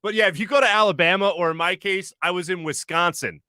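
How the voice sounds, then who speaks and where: A man from the Philadelphia area hosting a casual sports radio chat, excitable and jokey with quick exclamations. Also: sits high, smooth, no echo.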